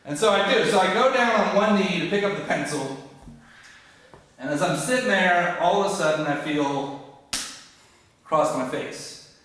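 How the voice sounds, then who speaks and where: A man's voice: sits high, animated, moderate pace, pauses often, fairly bright tone. A man in his thirties telling a true personal story live on stage, self-mocking and acting out the dialogue. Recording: echoey hall from far off.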